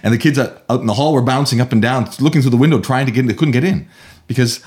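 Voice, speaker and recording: A middle-aged man telling a story in casual chat, playful and animated, slipping into voices for the people in it. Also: quick pace. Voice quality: husky, animated with wide swings in pitch. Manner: playful, acts out voices in his anecdotes. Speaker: storyteller, podcast guest.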